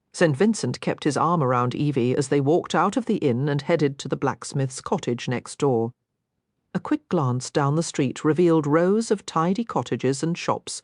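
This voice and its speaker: Low, expressive woman narrating. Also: no room sound, studio quality. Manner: measured, expressive storytelling. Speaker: audiobook narrator. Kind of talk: scripted narration.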